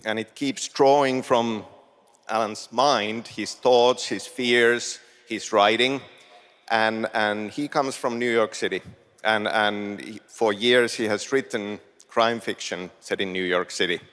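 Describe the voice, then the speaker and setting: A man on stage explaining his game in measured, deliberate answers during an interview. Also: fairly low pitch, fairly even intonation, a bit bright, clear, resonant tone. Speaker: game director presenting. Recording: reverberant stage.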